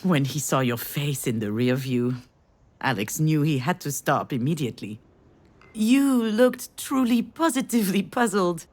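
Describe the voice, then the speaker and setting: A woman's voice: sits low, expressive, unhurried, darkish tone. An actress playing a mother who tells her grown daughter a family memory in a tender storytelling voice. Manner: tender storytelling, rising with emotion.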